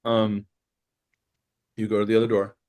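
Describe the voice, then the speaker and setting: A man's voice: on the low side, completely flat delivery, normal speed, a little mellow. A man narrating a tabletop game as game master in a casual, loose way, full of fillers.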